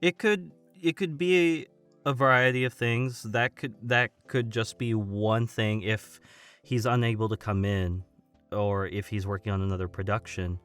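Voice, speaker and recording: A man, a voice actor guest on a podcast, talking casually in an animated, rambling way and often correcting himself. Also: lowish voice, unhurried, clean tone, faint music behind.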